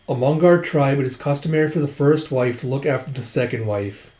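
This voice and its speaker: A man's voice: medium pitch, brisk, darkish tone, natural voice. A man quoting a composed, formal tribal queen while retelling a story in a roomy space. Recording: roomy echo.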